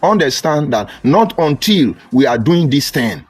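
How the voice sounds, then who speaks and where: A man's voice: a little high, sing-song, measured pace, slightly rough. A man with a Nigerian accent giving a combative, mocking political monologue on a live stream and greeting viewers by name. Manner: combative, mocking, rising to loud outbursts.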